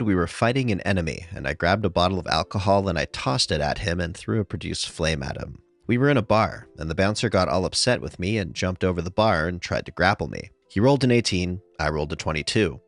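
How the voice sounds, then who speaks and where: A man narrating tabletop game stories in a scripted, even reading. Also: sits low, brisk. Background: faint music.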